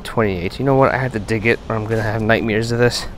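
A man giving casual running commentary while metal detecting on a beach at night, chatting to his finds with excited bursts. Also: lowish voice, fast, noisy background. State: out of breath.

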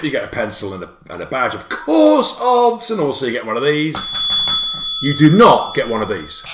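Male teacher, jokey and animated, livestream spelling lesson, roomy echo. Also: medium pitch, a little hiss or hum. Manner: bouncy, jokey, playful asides.

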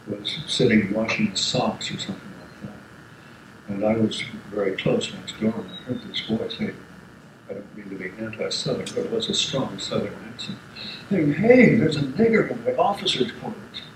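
Older guy rambling through old stories at a lecture, lowish voice, echoey room with noise. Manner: rambling, with frequent restarts and asides. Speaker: guest lecturer. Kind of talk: informal lecture storytelling. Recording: echoey hall, background noise.

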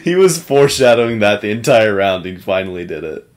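A man's voice: fairly low pitch, sing-song, brisk, a crowd in the background. A young man in casual multiplayer game chat, teasing his teammates and laughing. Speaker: gamer. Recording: noisy game capture. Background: game noise.

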